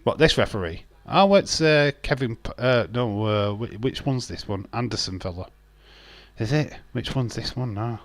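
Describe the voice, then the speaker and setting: A man's voice: mid-range voice, moderate pace, no room sound. A man chatting casually on a live watch-along stream, rambling and joking as he reads out chat messages.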